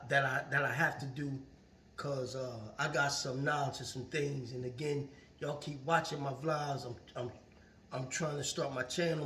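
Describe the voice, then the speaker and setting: A man talks earnestly to his viewers in a casual motivational monologue, circling back to the same phrases. His voice sits on the high side and has a bright edge. The sound is roomy and distant, as if the mic is across the room. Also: slight background noise. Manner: earnest and preachy, repeats phrases. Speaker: vlogger. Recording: roomy echo, far from the mic.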